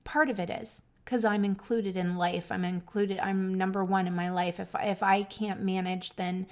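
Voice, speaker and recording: A woman's voice: mid-range voice, fairly even intonation, moderate pace, darkish tone. A woman hosting a podcast, telling a personal story in an earnest, emotional way, with many restarts and asides to her listeners. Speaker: podcast host.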